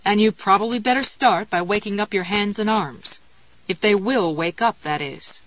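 Reader voicing a tired, sardonic no-nonsense inner voice. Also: female voice, mid-range voice, normal speed, fairly bright tone, natural voice, poor audio. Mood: sardonic, weary. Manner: wry, sardonic, weary.

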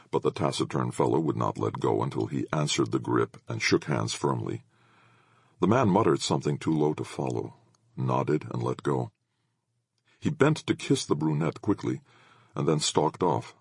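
A man narrating an audiobook with expressive storytelling. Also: extremely low pitch, vocal fry, slightly rough, no room sound, studio quality.

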